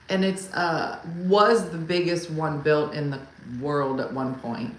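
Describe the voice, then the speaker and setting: A woman's voice: sits low, a little slow, hardly any pauses. A woman hosting a casual live comedy stream. She chats with viewers and tells wry, exasperated stories about her partner. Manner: chatty storyteller who answers viewer comments; wry and exasperated, imitates her husband loudly. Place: home room for a live stream. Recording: echoey room with faint ambient hum.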